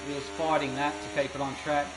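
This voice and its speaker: A man commentating a sim racing qualifying session, excitable and rambling with fillers. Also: a little high, fast. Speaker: race commentator. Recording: noisy background of engine sounds. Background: racing car engine noise.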